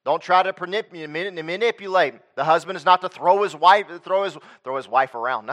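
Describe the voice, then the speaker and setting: A man's voice: high-pitched, fairly quick, few pauses, a bit bright. A man preaching a sermon as pastor, emphatic, repeating his points, restarting phrases and asking the congregation for agreement.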